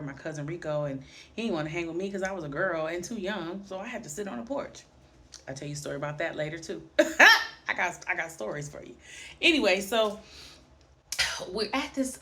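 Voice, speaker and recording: Animated woman storyteller. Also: fairly low pitch. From Highland Park, Michigan, near Detroit. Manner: animated, lively storyteller who acts out quoted voices. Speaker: vlogger. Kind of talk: personal storytelling vlog.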